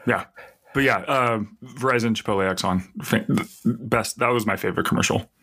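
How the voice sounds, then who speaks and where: A man co-hosting a podcast, chatting casually and chiming in with quick, laughing asides. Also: on the low side, sharp tone, slightly rough. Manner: laughs easily, chimes in with asides. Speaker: podcast co-host. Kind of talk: casual chat.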